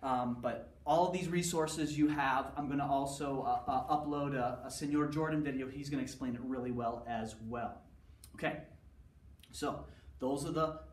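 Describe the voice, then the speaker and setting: A man's voice: mid-range voice, fairly even intonation, normal speed. A man teaching a Spanish grammar lesson, drilling rules with repeated steps and rhetorical questions. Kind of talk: recorded class lecture. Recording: echoey room, mic at a distance.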